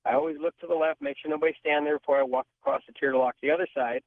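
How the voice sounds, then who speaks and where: Male caller, tinny phone line, dry sound, higher voice, animated, acts out quotes. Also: rapid-fire, dry recording. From California. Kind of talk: phone-in storytelling. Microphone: telephone.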